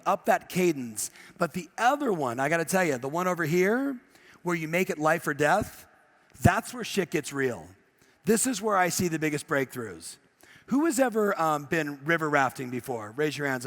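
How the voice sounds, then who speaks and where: Middle-aged man, high voice, motivational seminar talk, animated storytelling. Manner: animated storyteller, acts out quotes. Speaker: business coach on stage. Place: event room with live audience.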